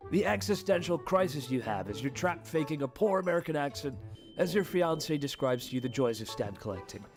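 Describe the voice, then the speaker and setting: A man's voice: a little high, lively intonation, brisk. Dry, sardonic male narrator. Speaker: vlogger narrating. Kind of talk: scripted voice-over narration. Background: background music.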